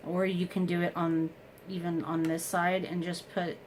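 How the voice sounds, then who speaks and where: A woman's voice: on the low side, level tone, moderate pace, darkish tone, a little hiss or hum, rough recording. A woman chatting casually through a makeup tutorial at home, explaining each step and joking about herself. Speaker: beauty vlogger.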